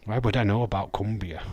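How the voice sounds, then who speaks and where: This is a lowish male voice with no room sound, belonging to a Yorkshire-accented host of a live wrestling watch-along. He keeps things chatty and casual, laughs easily, and reacts to what viewers type.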